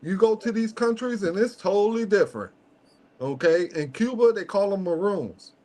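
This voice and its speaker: High-voiced man hosting, emphatic. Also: lively intonation, moderate pace, dark tone. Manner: emphatic, peppers points with "okay?"; slangy, conversational. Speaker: host. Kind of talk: casual podcast chat.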